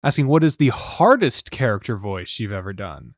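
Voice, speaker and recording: A man's voice: lowish voice, very animated, moderate pace, no echo, studio quality. A man hosting a casual podcast roundtable, asking guests questions and musing aloud about his worries. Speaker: podcast host.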